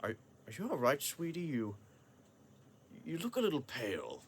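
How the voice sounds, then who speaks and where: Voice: mid-range voice, wildly swooping pitch, moderate pace, husky, heavily acted. A young actor playing a rich, forgetful father who blusters and stammers, in a school play over a video call. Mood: gruff. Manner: blustering, stammering, snaps then coos. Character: rich, forgetful old father, gruff and doting.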